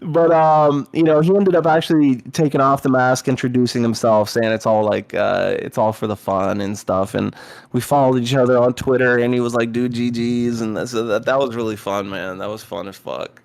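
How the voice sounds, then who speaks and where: A young man in casual chat, telling a tournament story with lively acted-out quotes and frequent laughter. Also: normal speed, gravelly. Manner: animated storyteller, acts out quotes with big pitch jumps, laughs often.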